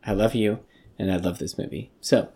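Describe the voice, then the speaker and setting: A man's voice: fairly low pitch, steady tone, normal speed, dark tone, slightly rough. A man hosting a podcast, ranting profanely in casual movie review chat. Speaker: podcast host.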